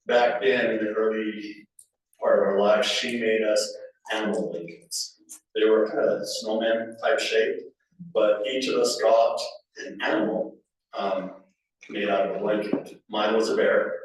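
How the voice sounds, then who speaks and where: Low-voiced man, echoey far-off eulogy. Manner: anecdotal, chuckles between stories; casual with fillers and restarts. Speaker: family member giving a eulogy. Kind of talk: funeral eulogy, storytelling. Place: funeral home chapel. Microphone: distant from the recording microphone. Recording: echoey room recorded from far off.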